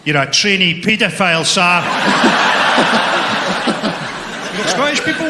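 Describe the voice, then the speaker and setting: Speaking slowly in a high, very animated voice, a stand-up comic roasts the front row of a comedy club with sardonic jabs. It's a very noisy take in an echoey club hall, where the crowd roars with laughter.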